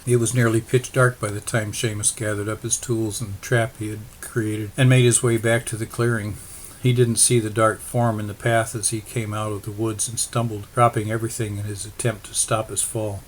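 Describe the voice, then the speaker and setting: A man reading a story aloud as a narrator, in a steady, even storytelling manner. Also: on the low side, normal speed, slight background noise. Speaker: audiobook narrator. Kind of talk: scripted narration.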